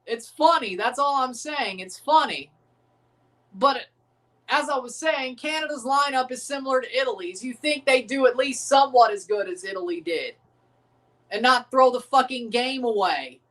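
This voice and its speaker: A woman riffing through a live sports watchalong, profane and joking, deliberately abrasive. Her speaking voice sits a little high. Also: expressive, fairly bright tone. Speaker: livestream host.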